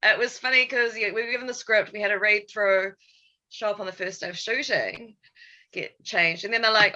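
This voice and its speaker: A woman's voice: a little high, animated, fairly quick, pushed and bright. A woman chatting as a guest on an online panel, laughing easily as she talks over a video call. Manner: giggly, laughs easily while talking. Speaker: panel guest, former series actress. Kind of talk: casual panel chat.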